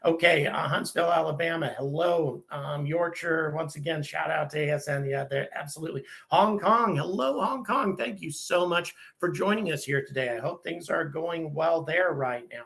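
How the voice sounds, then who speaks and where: A man's voice: a little high, fairly even intonation, moderate pace, gravelly, few pauses, fairly bright tone. An American man hosting a casual live stream, reading out viewers' locations and thanking them one by one, with frequent ums and restarts.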